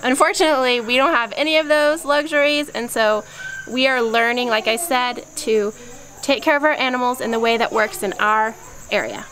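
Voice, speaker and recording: A fairly high-voiced woman explains farm chores in a practical, step-by-step way. She records outdoors among her animals. Insects and farm sounds hum clearly behind her. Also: normal speed, a bit bright, poor audio. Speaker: homesteading vlogger. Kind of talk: casual how-to explanation.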